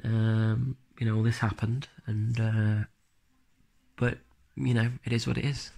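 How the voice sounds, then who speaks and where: A man from England with a Black Country accent, a band drummer chatting casually in an interview in a relaxed, rambling, plain-spoken way, speaking quietly and close to the mic. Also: lowish voice, unhurried, creaky. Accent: Black Country English.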